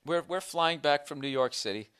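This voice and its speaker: The male host of a casual comedy podcast tells animated, profanity-laced stories and rants. His voice leans high, clear and resonant, at a moderate pace, captured in a dry, studio-quality recording.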